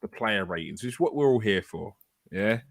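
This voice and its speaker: A man hosting a live fan show, chatty, excitable and teasing as he greets guests and reads comments. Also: fairly low pitch, moderate pace, creaky. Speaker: host. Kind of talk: casual live show chat.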